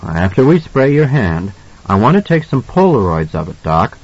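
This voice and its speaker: Grim, blunt father, low and husky, matter-of-fact, read by the male narrator, muffled lo-fi recording. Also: very animated, moderate pace, darkish tone, full character voice.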